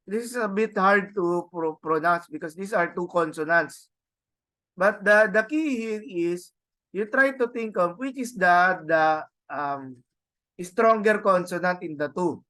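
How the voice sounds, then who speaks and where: A man with a Filipino accent teaching a Greek grammar lesson, halting and repeating words, often adding "no?" to check on students. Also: high-pitched, sharp tone. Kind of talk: classroom lecture.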